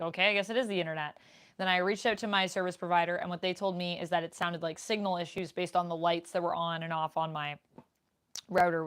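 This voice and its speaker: Speaking into a desk microphone from a room at home, a young woman streamer with a slightly low voice runs a relaxed, casual live Q&A. She keeps a chatty tone and reads her viewers' comments out loud.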